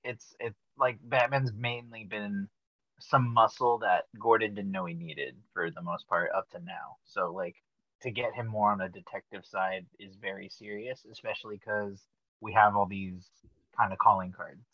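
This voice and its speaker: A man's voice: on the low side, steady tone, moderate pace, bright, forceful tone, dry recording, dull audio. A man co-hosting a podcast, giving opinionated, profane commentary filled with "like". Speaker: podcast co-host. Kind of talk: casual podcast chat.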